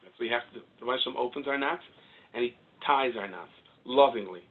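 An older man in his sixties delivers an Orthodox Jewish sermon, telling stories and acting out both sides of conversations. His voice is husky, and it comes through a thin, tinny line that sounds like a telephone. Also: medium pitch, fast. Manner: animated storyteller, acts out dialogue, swings to loud exclaiming peaks. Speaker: rabbi giving a talk.

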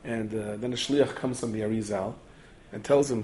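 With a mid-range voice, this man talks fast with few pauses as he recounts a Torah story sermon-style. He's animated, uses plenty of Yiddish and Hebrew terms, and voices the characters himself.

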